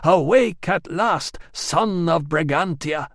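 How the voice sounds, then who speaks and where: Solemn goddess figure, slow proclamations, storybook, male reader voicing her, dry close recording. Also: high voice, gravelly, no echo, voice pushed up. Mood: commanding. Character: fierce radiant goddess, commanding woman.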